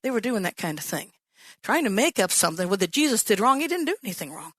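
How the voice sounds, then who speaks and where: Woman pastor preaching an animated sermon. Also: mid-range voice, quick pace, no echo. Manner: animated storytelling, acts out quoted voices.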